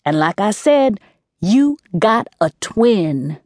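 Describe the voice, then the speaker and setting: A woman's voice: medium pitch, big pitch swings, slow, darkish tone, dry recording, studio quality. A woman voicing a tough, brash middle-aged aunt who barks bluntly and curses. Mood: scolding. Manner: barking, blunt, cursing.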